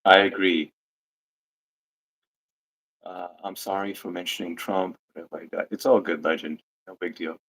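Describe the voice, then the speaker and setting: A man's voice: deep voice, flat delivery, measured pace, long pauses, fairly bright tone, poor audio. A man co-hosting a casual livestream chat, easygoing and agreeable, reading out chat comments. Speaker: livestream co-host.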